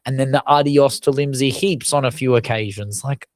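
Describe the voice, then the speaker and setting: Man, podcast co-host, lively and sweary, mid pitch, dry close sound. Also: moderate pace, dry recording. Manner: animated, swears for emphasis, laughs often. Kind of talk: casual sports chat.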